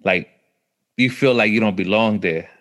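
A man's voice: on the low side, moderate pace, fairly bright tone. A man with a New York accent, chatting casually and telling stories in laid-back street slang. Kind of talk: casual chat.

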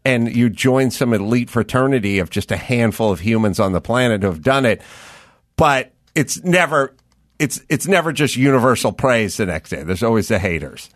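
A man's voice: mid-range voice, expressive, normal speed, dry recording, clean studio sound. A man hosting a podcast interview, riffing in a loose conversational way as he muses aloud. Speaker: podcast host. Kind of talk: casual interview chat.

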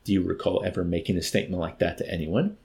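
A man's voice: low voice, fast talker, gravelly, a little mellow. A man voicing a cold, mocking military officer interrogating a prisoner with nonchalant tartness.

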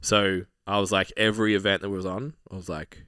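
A man's voice: low-pitched, flat delivery, brisk, sharp tone, clean tone, no echo, studio quality. A young Australian man telling a rambling story in casual chat, swearing freely. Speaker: podcast co-host.

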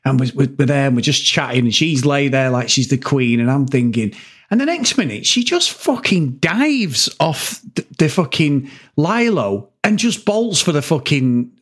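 Excitable sweary man. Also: medium pitch, moderate pace. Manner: excitable storytelling, heavy swearing. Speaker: podcast co-host. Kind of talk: casual chat.

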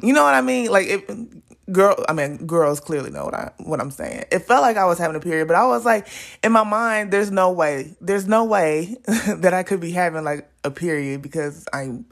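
A young woman vlogging, telling a personal story in a rambling, chatty way with laughs and restarts, her voice jumping high when she quotes herself. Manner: animated, jumps high when quoting herself. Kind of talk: casual storytelling.

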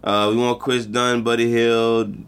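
A man's voice: mid-range voice, level tone, unhurried, slight background noise. A man co-hosting a casual sports chat, loose and joking with plenty of profanity. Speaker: podcast co-host.

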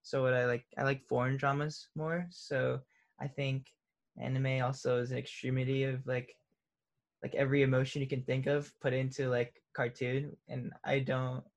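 A relaxed man with a gravelly, fry-heavy voice, talking casually in an interview. He drifts through his answers with lots of fillers and laughs easily. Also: medium pitch, moderate pace. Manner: laid-back, laughs often, many fillers. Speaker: interviewed musician.

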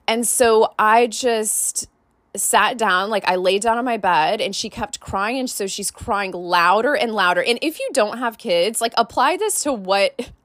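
A woman's voice: medium pitch, unhurried, fairly bright tone, dry recording. A woman podcast host and life coach, telling a personal story in a casual, candid way, full of "like" and "right?".

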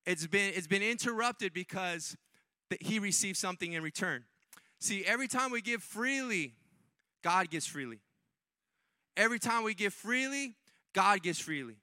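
A man's voice: sits high, lively intonation, moderate pace, long pauses, pushed and bright, dry recording, studio quality. A man preaching a sermon in a church, in a repetitive call-and-response way that rises to impassioned peaks. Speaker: pastor.

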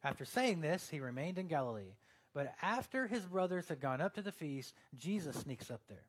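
A man's voice: a little high, very animated, moderate pace, husky. A man preaching a sermon in a casual, conversational way, with lots of fillers and quoted asides. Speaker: pastor.

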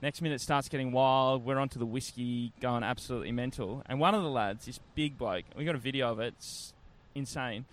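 A man's voice: mid-range voice, fairly quick, hardly any pauses. Brief: easygoing man with a mid-range voice, chatting casually. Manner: laid-back, chatty, uses slang like lads and bloke. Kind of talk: casual storytelling chat.

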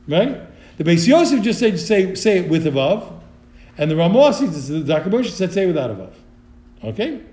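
A high, lively male voice with a dark, mellow tone leads a study lesson. He thinks aloud, restarting his sentences as he works through a question. The sound is roomy, with a clear echo. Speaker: Torah teacher.

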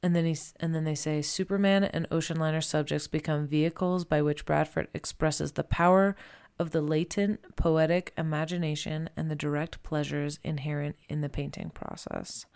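A woman talks about paintings in a loose, chatty way, laughing often and leaning on "like." Her voice sits low and sounds smooth and clear. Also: steady tone, moderate pace, darkish tone. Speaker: presenter. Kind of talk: casual chat about art.

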